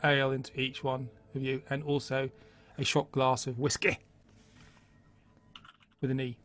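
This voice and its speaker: A man's voice: medium pitch, level tone, measured pace, fairly bright tone. A man narrating a tabletop game as game master, in a loose, rambling way that corrects itself as it goes.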